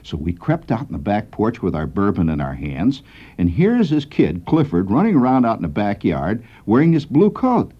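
Brief: a male radio storyteller, conspiratorial and lively, with a husky voice and a muffled old broadcast sound. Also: on the low side, normal speed. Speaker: radio humorist and commentator.

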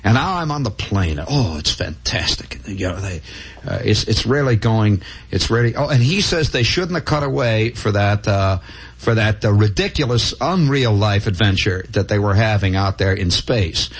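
A man spins a meandering story, talking wryly and casually with plenty of asides and restarts. His voice sits low and carries a husky grain. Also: very animated, normal speed. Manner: wry, conversational, full of restarts and asides. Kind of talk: rambling first-person storytelling.

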